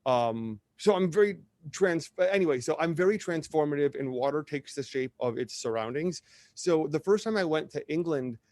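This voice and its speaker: A man's voice: on the high side, normal speed, no room sound. Chatty man with a Wisconsin accent. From Wisconsin, USA. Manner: animated, chatty storyteller. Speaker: podcast guest. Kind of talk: casual chat.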